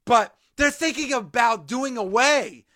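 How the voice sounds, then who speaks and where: High-voiced male radio co-host. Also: expressive, a little slow, bright, forceful tone. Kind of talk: casual radio talk.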